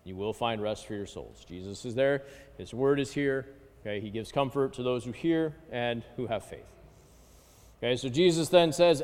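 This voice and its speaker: A man teaches a Bible class in a mid-pitched voice. His words ring out with a long reverb, as if he were in a large church hall. He checks in with his listeners after nearly every point. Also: darkish tone. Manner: checks in with listeners, constant "okay?" and "right?"; reads Greek and Hebrew phrases aloud slowly. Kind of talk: Bible study lesson.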